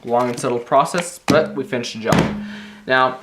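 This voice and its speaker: A man's voice: medium pitch, normal speed. A young man hosting a casual card trick video, joking and rambling as he corrects himself. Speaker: host. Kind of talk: casual magic trick demo. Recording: roomy echo, faint noise.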